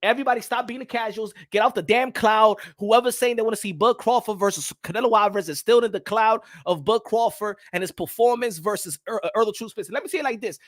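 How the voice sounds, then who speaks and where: A man hosting a casual boxing live stream, talking animatedly, repeating himself and shouting out chat viewers. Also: sits high, fast talker, few pauses. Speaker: boxing channel host.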